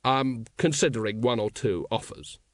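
A man voicing a bitter, weary male watch captain who speaks gruffly and dryly, in an audiobook reading. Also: medium pitch, moderate pace, no echo, natural voice. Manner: gruff, dry.

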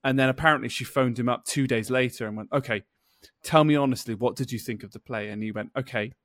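A man's voice: mid-range voice, fast talker, a bit bright, dry recording, clean studio sound. A man hosting a casual podcast over a video call, telling stories and acting out quoted dialogue. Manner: chatty storyteller who acts out quoted dialogue. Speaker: podcast host.

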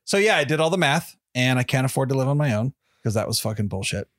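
A man in his thirties chats quickly and casually on a podcast, peppering his stories with profanity. He acts out other people's lines in a raised voice. The recording is dry and close, with no room sound. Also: medium pitch, expressive, fairly bright tone, dry recording. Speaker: podcast co-host. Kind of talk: casual chat.

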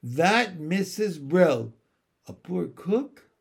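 A man doing a shrill, tiny old woman. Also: sing-song, extremely slow, gravelly, slightly rough, exaggerated voice. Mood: sly. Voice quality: high, shrill little voice. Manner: switches between scolding and sugary coaxing. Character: tiny ancient shrill shopkeeper woman, bossy and sly.

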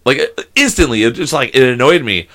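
Rambling, animated young man telling stories. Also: mid-range voice, fairly quick. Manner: rambling, swears a lot, mimics friends. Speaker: podcast co-host. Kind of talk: casual chat, storytelling.

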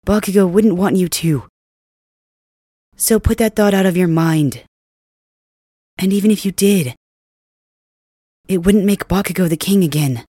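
Urgent low-voiced woman in ASMR role-play. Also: measured pace, pauses often, dry recording, studio quality. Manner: urgent, determined, hushed at times.

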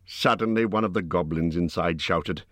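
A man narrating an audiobook in a measured, expressive storytelling manner. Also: low voice, no room sound.

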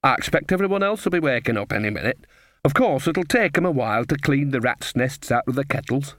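A man's voice: medium pitch, animated, brisk, a bit bright, dry recording, clean studio sound, lightly acted. A man voicing a cheerful, gossipy old village witch in an audiobook, chatty and homely. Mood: soothing. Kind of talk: audiobook character voice.

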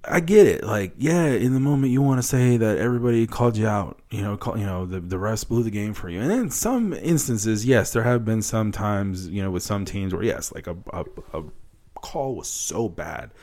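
A man's voice: on the low side, lively intonation, moderate pace, darkish tone. A young man hosting a solo podcast in casual chat, swearing often and getting worked up. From Wisconsin, United States. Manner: swears often, gets worked up about sports. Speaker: podcast host.

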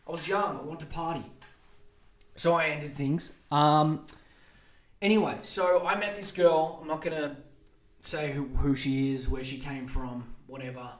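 A crude, animated man in his twenties tells a long story on a podcast. His voice sits a little high for a man. The room rings with a roomy echo. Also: a little slow. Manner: crude, animated, acts out quotes in raised voices. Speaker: podcast host. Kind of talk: casual storytelling monologue.

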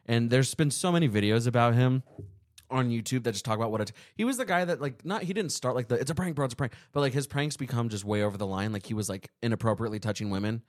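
A man's voice: mid-range voice, quick pace. A young man co-hosting a podcast, bantering bluntly and casually, with swearing in his talk. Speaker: podcast co-host. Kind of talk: casual chat.

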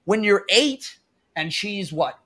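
A man in his thirties hosting a podcast, talking in a loose, rambling, animated way with some casual swearing. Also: high-pitched, slow pace. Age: 30s. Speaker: podcast host. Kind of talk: casual chat.

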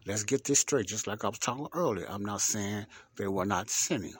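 Man, husky voice, fairly low, emphatic Bible teacher, slow scripture reading, rhetorical questions. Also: no room sound. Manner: emphatic, repeats key words, asks rhetorical questions; reads scripture slowly and deliberately.

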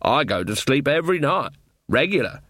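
A man voicing a slow-witted village man who drawls in a literal way. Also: mid-range voice, sing-song, fairly bright tone, no room sound, studio quality. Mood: plain.

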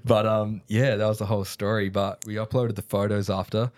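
A young Australian man tells a rambling story in a relaxed way, laughing as he goes. His voice sits fairly low, and the sound is close and dry with no room echo. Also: brisk. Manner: laid-back, laughs often, many fillers. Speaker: podcast guest, DJ. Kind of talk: casual storytelling.

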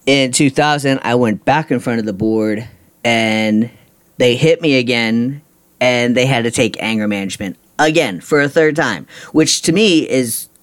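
A middle-aged man talks straight into the mic as a podcast host, recounting his own story. His voice sits at an ordinary pitch for a man, and he speaks bluntly, with frustration that breaks into ranting and casual swearing. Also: a little slow. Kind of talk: personal storytelling monologue.

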